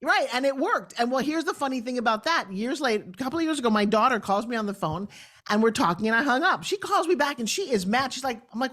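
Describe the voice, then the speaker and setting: Middle-aged female host, slightly raised pitch, conversational and chatty. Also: expressive, fast talker, fairly bright tone. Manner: chatty, tells her own stories back. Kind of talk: casual interview chat.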